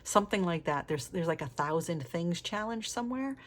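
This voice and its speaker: A woman's voice: fairly low pitch, expressive, moderate pace. A middle-aged woman chatting candidly while flipping through her planner, laughing often and swearing casually. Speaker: planner vlogger. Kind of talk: casual flip-through chat.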